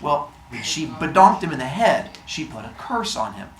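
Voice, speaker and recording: A man's voice: a little high, very animated, moderate pace, a bit bright. Man, playful comic storyteller, bouncy delivery, roomy room. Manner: playful, with silly sound effects. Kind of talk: casual comic retelling of a myth.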